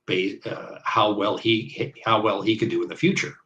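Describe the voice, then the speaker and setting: A man in his fifties from the American Midwest talks in a very low voice. He rambles through stories in casual interview chat, full of fillers and side tangents. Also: fairly even intonation, moderate pace, fairly bright tone, highs cut off. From Iowa, US Midwest. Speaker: guest bowler.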